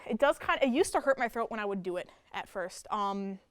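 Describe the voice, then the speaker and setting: A young woman talks casually in a campus radio studio, circling her answers with constant fillers. Her voice is smooth and resonant, and the sound is close and dry with no room echo. She speaks at a mid pitch. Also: lively intonation, a little fast. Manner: rambling, full of "like" and "you know". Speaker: death metal guitarist and vocalist. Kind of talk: casual interview chat.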